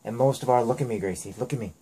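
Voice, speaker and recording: A man's voice: mid-range voice, very fast, dark tone, husky, low-quality recording. A father talking earnestly with his young daughter at home, firm and lecturing, often checking in with "okay?".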